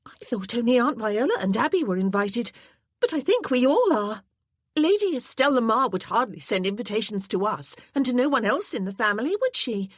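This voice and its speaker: A woman puts on an eager, excitable teenage girl from a period novel. She sounds high and pleading, and her voice rises and falls a lot. The recording is close and dry. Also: fairly quick, dry recording. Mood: excited. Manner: breathless, pleading.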